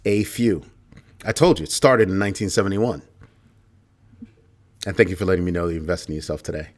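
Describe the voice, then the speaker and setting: A man's voice: low-pitched, fairly quick. A man hosting a livestream commentary, talking emphatically, repeating key phrases for effect and answering viewer comments as he goes. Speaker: show host.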